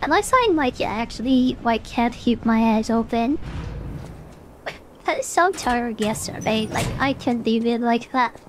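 A woman's voice: on the high side, expressive, a little slow, a little hiss or hum. A young woman streaming a video game, chatting casually and rambling with many fillers. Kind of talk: casual gaming stream chat.

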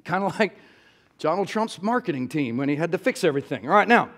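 A man's voice: on the high side, animated, fast talker, a bit bright. A male pastor, preaching a sermon in a church in a folksy, storytelling way and asking the crowd "y'all".

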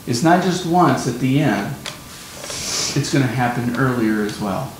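A man's voice: lively intonation, measured pace. A man preaching a sermon on scripture, explaining emphatically and repeating his key points. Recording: very echoey room, faint rumble.

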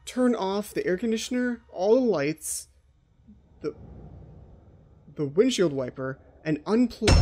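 Nervous gamer guy, mellow voice, yelps and mutters through a scary game. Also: sits high, lively intonation, unhurried, pauses often. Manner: jittery, talks to himself, frightened outbursts. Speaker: let's play host. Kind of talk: horror game commentary.

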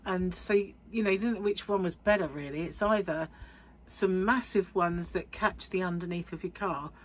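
A woman's voice: fairly low pitch, normal speed. A middle-aged woman vlogging casually to camera, rambling and chatty with frequent laughs. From United Kingdom. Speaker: crochet vlogger.

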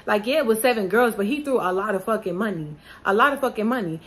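A woman's voice: mid-range voice, expressive, fast talker, poor audio. A woman vlogging in casual chat, blunt and profane, talking straight to her viewers.

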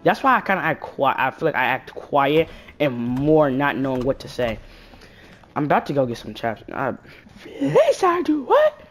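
A woman's voice: very deep voice, normal speed, faint music behind. A woman giving casual horror-game commentary, jumpy and slangy, yelping at scares and muttering banter to viewers. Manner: animated, jumpy, shrieks at scares then mutters. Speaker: gaming YouTuber.

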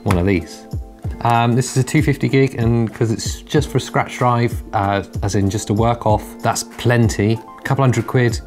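A man's voice: mid-range voice, fairly even intonation, normal speed, a little mellow, faint music behind. A man hosting a casual tech video, rambling and self-deprecating as he explains his computer upgrade. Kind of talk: casual bantering tech chat.

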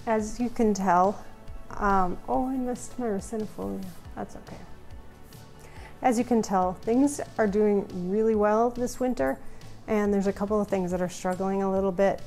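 Slow-talking chatty woman plant vlogger. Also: medium pitch, darkish tone. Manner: chatty, goofy, rambling. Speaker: houseplant channel host. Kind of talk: casual houseplant tour vlog.

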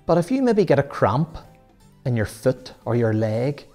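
A man's voice: medium pitch, big pitch swings, measured pace, dark tone, faint music behind. A man leading a children's Sunday school Bible lesson, earnest and full of rhetorical questions.

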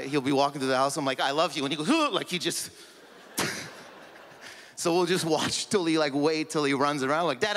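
Stand-up comedian, man, rambling delivery, slightly high voice, hall reverb. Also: a bit bright. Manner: rambling, heavy use of "like". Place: comedy stage before an audience.

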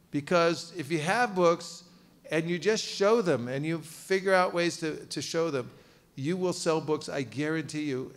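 A man leading a lively seminar for a live audience, playful and animated, getting the room to repeat phrases after him. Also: on the high side. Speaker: seminar teacher on book distribution. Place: seminar room at a cultural center.

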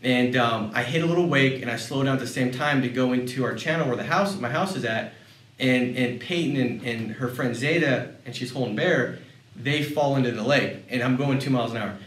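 A man giving a motivational sales talk, telling personal stories in a lively way and often repeating words as he goes. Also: mid-range voice, a little fast. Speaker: sales leader speaking on a panel. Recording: roomy sound, mic at a distance.

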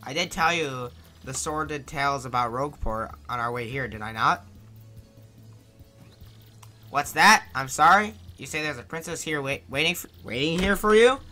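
A man voicing a formal, overly polite male ship captain in a video game, lower than his own voice. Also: lively intonation, normal speed, bright, forceful tone, soft background music.

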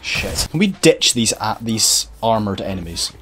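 A man's voice: lowish voice, animated, unhurried, sharp tone, a little hiss or hum. A man giving sarcastic, sweary let's-play commentary over a video game. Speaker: gaming commentator.

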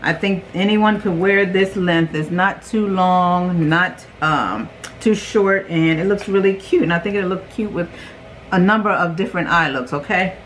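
Loud, chatty woman beauty vlogger. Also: lowish voice, unhurried, slight background noise. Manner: chatty and rambling, tags lines with "okay?"; loud, self-aware about yelling. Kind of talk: casual chatty product review.

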